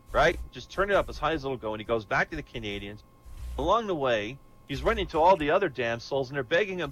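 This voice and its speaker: Lively man telling jokes. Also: mid-range voice, quick pace, low-quality recording. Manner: animated joke-telling, acting out characters. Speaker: comedy show host. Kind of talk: telling jokes in an online voice comedy show.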